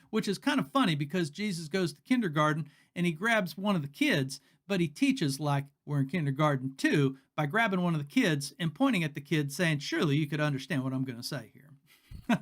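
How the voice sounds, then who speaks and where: A man's voice: a little high, a bit bright. A man teaching the Bible in a casual, folksy way, chatty and laughing at his own jokes.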